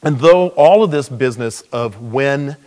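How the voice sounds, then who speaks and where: A male pastor preaching a sermon, animated, with rhetorical questions and sudden jumps in pitch. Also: measured pace. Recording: long reverb of a large hall.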